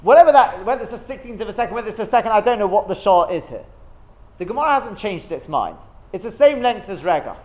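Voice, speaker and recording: High-voiced man teaching a Talmud class. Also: sing-song, fast, darkish tone, dull audio. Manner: explains step by step, thinks aloud, asks rhetorical questions.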